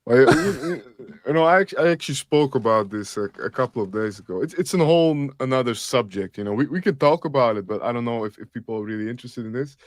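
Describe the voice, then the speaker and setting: A man's voice: medium pitch, lively intonation, fast, dry recording, studio quality. A man co-hosting a casual talk, starting his points hesitantly and repeating words. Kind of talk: casual chat.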